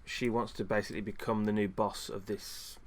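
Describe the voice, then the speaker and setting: A man's voice: on the low side, level tone, a little fast. A man streaming, chatting casually in a frustrated rant with lots of fillers and restarts. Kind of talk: casual chat.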